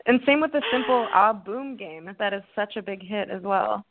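A woman's voice: mid-range voice, normal speed, narrow, tinny audio, background noise. A woman guest, a speech therapist, answering casually in a friendly way and laughing often.

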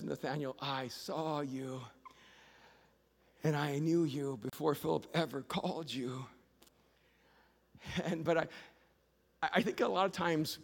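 High-voiced animated pastor in a hall. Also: male voice, gravelly. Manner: animated storyteller, rising to shouts. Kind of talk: sermon. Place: church auditorium. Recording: long reverb of a large hall.

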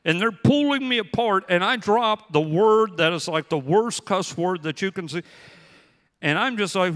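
High-voiced pastor preaching in a hall. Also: male voice. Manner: animated storytelling with acted-out quotes. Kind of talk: sermon.

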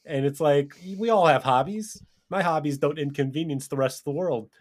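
A man's voice: a little high, moderate pace. A man co-hosting a podcast, arguing casually and profanely, often laughing mid-rant. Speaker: podcast co-host. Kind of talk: casual heated banter.

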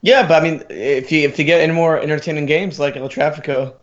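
Curious male co-host, a bit high-pitched, dull recording. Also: steady tone, fast talker. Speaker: podcast co-host. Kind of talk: casual sports chat.

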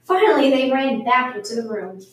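A woman reading a children's storybook aloud in a gentle, measured way. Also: sits high, expressive, noisy background. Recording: echoey room, mic far off.

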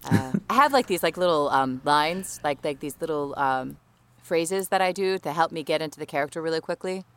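A woman with a slightly low voice chats casually as a guest. She talks in loose, quick bursts full of fillers. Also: lively intonation, fairly bright tone, smooth. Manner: chatty, full of fillers and laughs. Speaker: voice performer guest. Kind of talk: casual chat.

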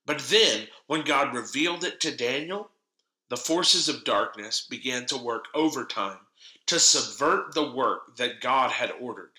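A man's voice: medium pitch, lively intonation, measured pace, sharp tone, echoey room, rough recording. A man preaching a sermon, teaching in an earnest, emphatic way.

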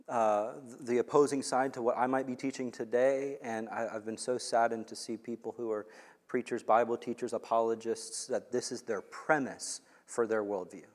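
A man preaching a sermon in animated fashion, swinging between hushed, quiet passages and loud, emphatic ones. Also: medium pitch. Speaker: pastor. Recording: long hall reverb.

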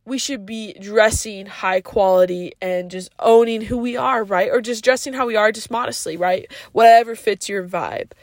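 A woman's voice: medium pitch, moderate pace, hardly any pauses, dry recording, clean studio sound. A woman hosting a podcast, giving a casual but earnest, preachy monologue full of "like" and slang such as "yo" and "bro". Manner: frequent "like" fillers. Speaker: podcast host.

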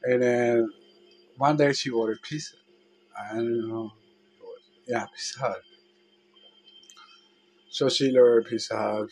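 A man telling a personal story in a halting, emotional way, with many restarts and trailing phrases. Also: medium pitch, a little mellow, slightly rough, low-quality recording.

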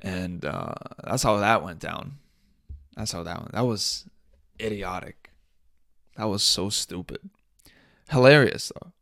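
A man's voice: fairly low pitch, lively intonation, slow pace, vocal fry, pauses often, a bit bright, no echo, studio quality. A young man hosting a podcast, telling profane, laugh-filled stories in a casual way. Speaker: podcast host. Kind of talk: casual storytelling.

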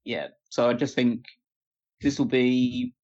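A man's voice: mid-range voice, steady tone, darkish tone. Man chatting with a dull lo-fi sound. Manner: hesitant, restarts often, measured opinions. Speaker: podcast co-host. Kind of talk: casual wrestling chat.

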